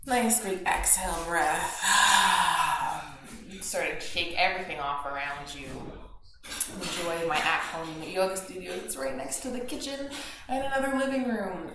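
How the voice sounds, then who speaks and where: A woman guiding a gentle yoga class from her home studio, calm and soothing, with chatty asides. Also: on the low side, normal speed. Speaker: yoga teacher. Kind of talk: guided yoga class instruction. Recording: very echoey home room with faint household noise. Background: household noise, TV news and dishwasher.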